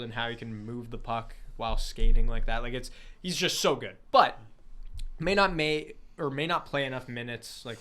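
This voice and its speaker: A man's voice: mid-range voice, fairly bright tone. A man co-hosting a podcast with upbeat, confident casual chat. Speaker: podcast co-host.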